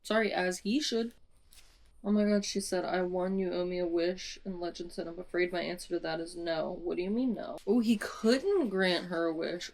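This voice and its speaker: A young woman vlogging a book reread, reading passages aloud and breaking off into dramatic, excited asides. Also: on the low side, measured pace. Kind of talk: casual reading vlog.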